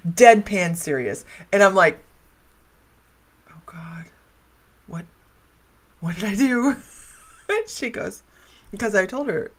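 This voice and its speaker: A middle-aged woman hosting a casual livestream chat as a psychic medium, talking in a loose, wandering way and laughing often. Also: mid-range voice. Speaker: psychic medium and live show host.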